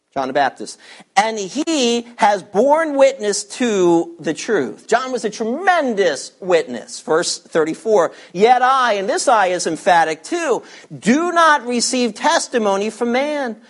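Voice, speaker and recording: Emphatic preacher working through scripture. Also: male voice, very high-pitched. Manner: emphatic, rhetorical questions to the congregation. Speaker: pastor. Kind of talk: sermon.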